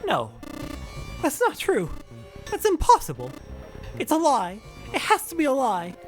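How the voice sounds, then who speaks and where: A performer voicing a grief-stricken young man who is driven to rage and speaks in a shrill, desperate way. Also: wildly swooping pitch, unhurried, soft background music, exaggerated voice. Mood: disbelieving.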